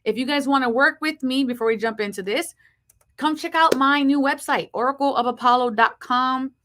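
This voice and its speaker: A woman's voice: sits high, a little hiss or hum. A woman hosting a live horoscope stream, talking with a slight lisp from braces and greeting viewers by name. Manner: slow hushed reading of card messages. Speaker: host.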